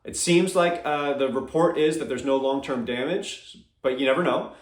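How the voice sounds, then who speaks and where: A man's voice: mid-range voice, moderate pace, roomy sound. A man giving casual MMA opinion commentary, emphatic and keeps checking in with "all right?" and "okay?".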